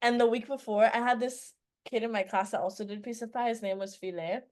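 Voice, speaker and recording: A teenage girl, a former student and podcast guest, chatting in an animated storytelling way full of fillers. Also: fairly high pitch, fairly quick. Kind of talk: casual interview chat.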